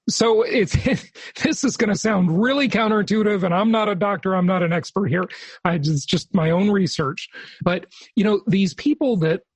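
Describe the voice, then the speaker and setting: A man's voice: high voice, husky, no echo, low-quality recording. A man hosting an interview podcast, talking casually and rambling, often stopping and restarting mid-thought. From United States. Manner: rambling, self-interrupting, talks to listeners as folks. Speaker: podcast host.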